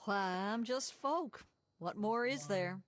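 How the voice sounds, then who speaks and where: A woman's voice: medium pitch, slow pace, dry recording, studio quality, natural voice. An actress voicing a sly, folksy backwoods moonshiner woman with a Southern drawl in a game. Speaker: game character.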